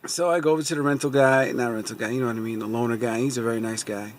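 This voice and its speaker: Talking very fast in a medium-pitched voice with fairly even intonation and slight background noise, a car vlogger vents from his parked car. His casual vlog story about a dealership mix-up is long, rambling and aggrieved, studded with "so anyway."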